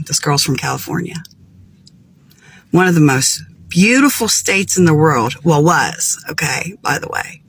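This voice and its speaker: A man's voice: on the high side, a bit bright, a little hiss or hum. A man giving exasperated, preachy commentary in a reaction video.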